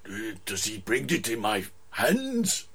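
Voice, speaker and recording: A man's voice: fairly low pitch, wildly swooping pitch, slow pace, gravelly, fairly bright tone, full character voice. A man playing a crude, grasping male cave dweller who whines and demands, in improv comedy. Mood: whiny.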